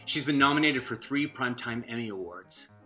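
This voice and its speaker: A man's voice: medium pitch, brisk, pushed and bright, faint music behind. A man reading a polished, scripted introduction of a guest as announcer.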